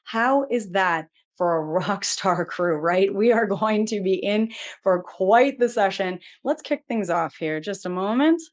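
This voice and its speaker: A woman's voice: mid-range voice, lively intonation, unhurried, muffled recording. Upbeat woman hosting a webinar. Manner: upbeat and chatty, greets audience by name. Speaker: webinar host.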